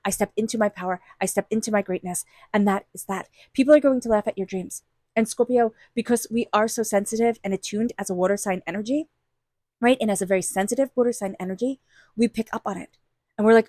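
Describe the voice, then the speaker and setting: A woman's voice: mid-range voice, quick pace, darkish tone, dry recording, clean studio sound. Earnest woman giving a tarot reading. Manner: earnest, encouraging, speaks directly to listener. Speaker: tarot reader.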